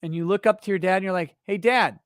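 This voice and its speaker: This man runs a casual livestream, reading viewer chat aloud and joking, rambling with halting restarts and getting animated when he tells stories. His high-pitched voice is smooth, and the sound is clean studio audio with no room sound.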